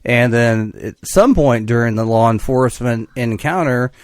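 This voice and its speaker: Wry, measured male co-host. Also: medium pitch, smooth, no echo. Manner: measured, wry, hedging asides. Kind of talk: casual conversation.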